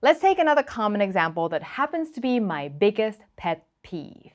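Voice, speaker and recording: A woman from Thailand, whose first language is Thai, hosting a cooking show and explaining things to camera in a lively, playful way, drawing out example words slowly. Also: mid-range voice.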